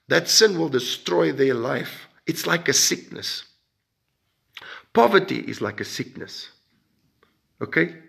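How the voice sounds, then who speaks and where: A man preaching a sermon in an emphatic way, with sudden rises and drops in pitch and loudness and frequent repeated words. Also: vocal fry.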